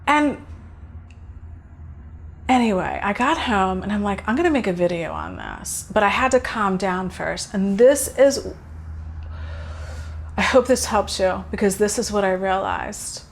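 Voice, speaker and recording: A woman's voice: medium pitch, slow, creaky, long pauses. A woman hosting a spiritual video talk, speaking earnestly and casually as she tells a personal story and thinks aloud. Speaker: host.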